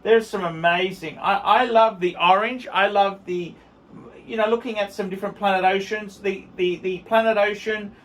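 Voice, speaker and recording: A man's voice: high voice, fairly even intonation, normal speed, a bit bright. A man reviewing watches in a rambling, enthusiastic way, repeating words for emphasis. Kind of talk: casual video review.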